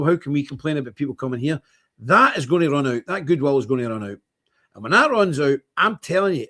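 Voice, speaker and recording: A man's voice: fairly high pitch, fairly bright tone. Blunt, emphatic male streamer. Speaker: streamer host. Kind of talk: casual livestream monologue.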